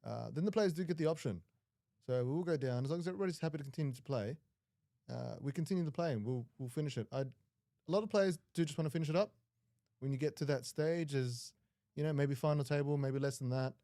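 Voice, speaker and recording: A young Australian man commentating a live poker stream in quick, jokey banter. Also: fairly high pitch, dark tone. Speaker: poker commentator, venue staff.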